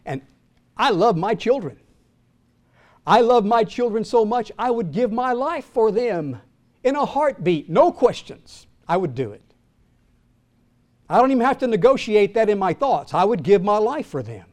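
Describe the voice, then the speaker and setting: Older male pastor, high-pitched, dramatic sermon delivery, rises loud and drops to a hush, quizzes the congregation. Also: big pitch swings, moderate pace, long pauses. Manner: dramatic preaching, swinging from loud to hushed; asks the congregation questions.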